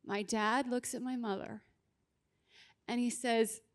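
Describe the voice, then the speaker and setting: A woman giving a personal testimony on a panel, telling it deliberately and dramatically. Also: fairly high pitch, fairly even intonation. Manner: slow, deliberate, dramatic storytelling. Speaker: abortion survivor panelist. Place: conference stage.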